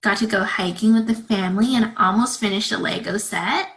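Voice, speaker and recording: A woman's voice: medium pitch, fairly quick, gravelly, a bit bright, rough recording. A woman on a video call reading children's chat replies aloud in a cheerful way.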